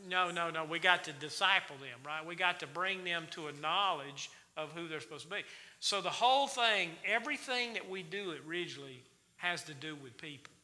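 A man's voice: a little high, lively intonation, normal speed, bright, forceful tone. A man teaching a Wednesday night Bible study in a church, folksy and quizzing the congregation with questions. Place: church sanctuary. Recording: reverberant church hall.

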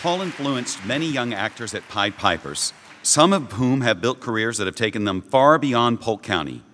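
A man's voice: mid-range voice, lively intonation. A man introducing the next speaker in a formal, announcing manner as the emcee of a memorial event. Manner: announcing, measured. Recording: echoey theater hall with faint noise.

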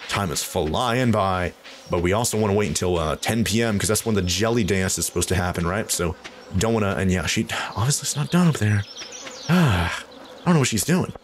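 A man's voice: fairly low pitch, lively intonation, fairly quick, a little hiss or hum. A man hosting a let's play, chatting casually over his game, rambling and thinking aloud to his viewers. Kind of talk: casual gameplay commentary. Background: game music.

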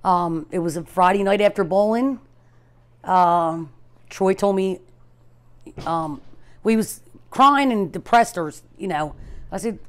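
A middle-aged woman, a performer's mother, speaking hesitantly in a documentary interview, with frequent pauses and retold dialogue. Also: mid-range voice.

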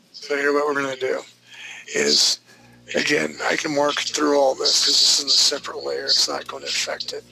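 A man's voice: medium pitch, vocal fry, background noise. A male drawing instructor running a live class. He talks through each step in an easygoing, joking way.

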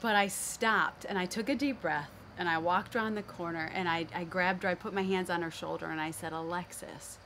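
A woman's voice: on the low side, fairly even intonation, brisk, hardly any pauses, a bit bright, slight background noise. A middle-aged woman giving a candid, earnest faith-based parenting talk as host, telling personal stories.

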